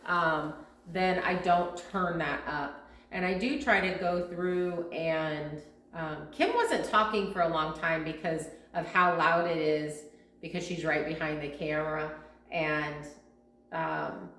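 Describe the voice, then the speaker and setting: Low-voiced woman chatting in a roomy space. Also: steady tone, slow, a bit bright. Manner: chatty, explains at length with many fillers. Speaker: farm vlog co-host and video editor. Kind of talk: casual Q&A chat. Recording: roomy echo.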